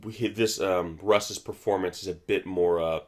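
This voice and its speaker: A man's voice: low-pitched, fairly even intonation, moderate pace. A man hosting a casual movie commentary, rambling with many restarts and fillers. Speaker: film commentary host.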